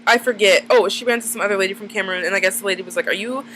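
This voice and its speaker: A woman's voice: medium pitch, fairly even intonation, racing, fairly bright tone, slight background noise, rough recording. A woman in her twenties, chatting casually to camera, rambling and full of "like" fillers. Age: 20s. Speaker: vlogger. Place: dim room at night.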